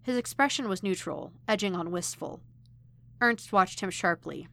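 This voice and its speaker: A woman narrating a fan fiction story in an expressive, lively reading. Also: medium pitch, moderate pace, creaky. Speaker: podfic reader.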